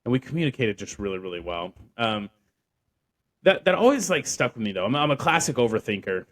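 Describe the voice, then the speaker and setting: A man's voice: mid-range voice, very animated, fairly quick, fairly bright tone. A young man hosting a podcast, telling a personal story in a rambling way with lots of fillers and restarts. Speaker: podcast host. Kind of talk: casual storytelling.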